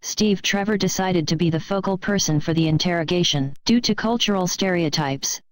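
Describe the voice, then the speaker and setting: A woman reading a fan fiction story aloud in a steady, plain storytelling manner. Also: on the low side, normal speed, no room sound, poor audio. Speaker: story reader.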